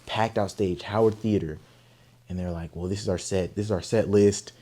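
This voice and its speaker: A young man from Oakland, telling a story in an interview, animated, profane and emphatic. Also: deep voice, moderate pace. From Oakland, California. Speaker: guest artist.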